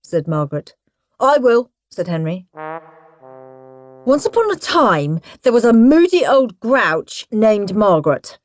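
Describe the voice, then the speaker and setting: Woman reading a kids audiobook, playful and expressive, slow and swoopy. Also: mid-range voice. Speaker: audiobook narrator. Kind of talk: scripted storybook narration.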